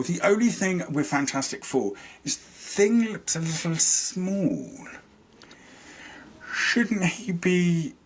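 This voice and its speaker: A man's voice: a little high, husky. A man, a podcast guest, chatting casually and rambling about things he is a fan of. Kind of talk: casual chat.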